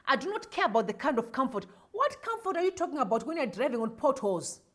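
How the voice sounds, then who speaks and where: A woman's voice: sits high, sing-song, quick pace. A Zimbabwean woman host giving emotional, preachy commentary, sometimes slipping into Shona words. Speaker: show host. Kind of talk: impassioned commentary.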